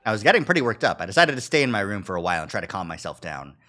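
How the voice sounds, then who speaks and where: A man's voice: on the low side, sing-song, rapid-fire, sharp tone. A man streaming a video game, reading the narration aloud and making wry, joking asides. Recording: stream with faint game music.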